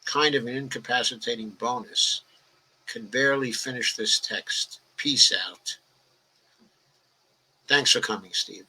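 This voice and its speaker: A man's voice: mid-range voice, a little slow, pauses often, bright, forceful tone, husky, poor audio. An elderly man, hosting a political livestream. He reads out viewer comments and answers them in a rambling, conversational way full of "okay" and "uh". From New York, the Bronx. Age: 80s.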